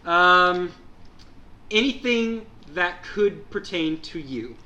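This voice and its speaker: A high-voiced man with a bright tone and a very lively, swooping pitch, chatting with friends. He is playful, laughs a lot and acts out silly quotes. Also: slow. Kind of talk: casual group chat.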